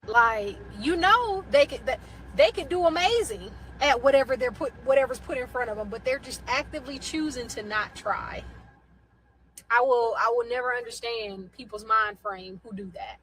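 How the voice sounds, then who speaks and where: A woman's voice: fairly high pitch, lively intonation, normal speed, fairly bright tone, a little hiss or hum, poor audio. A woman on a podcast giving emphatic, frustrated opinions in a ranting manner.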